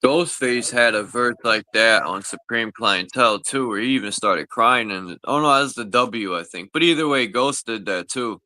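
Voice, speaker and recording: A man's voice: mid-range voice, moderate pace, few pauses, sharp tone, no echo. A man hosting a loose, rambling voice chat with friends. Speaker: host. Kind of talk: casual voice chat.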